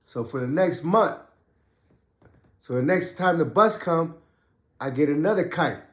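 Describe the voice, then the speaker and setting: A man's voice: fairly high pitch, animated, measured pace, roomy sound. A man casually telling a story from his prison days in street slang, getting over a cough. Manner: street slang, loose and conversational. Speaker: podcast host and ex-prisoner.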